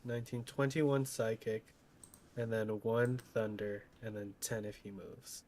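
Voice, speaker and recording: Mellow, slow-talking man player. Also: fairly low pitch, flat delivery. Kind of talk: casual chat.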